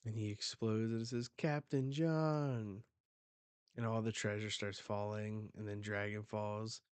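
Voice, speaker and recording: A man reading a comic chapter aloud and reacting to the panels with quick casual remarks. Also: fairly low pitch, completely flat delivery, clean tone, no echo. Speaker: manga reaction host.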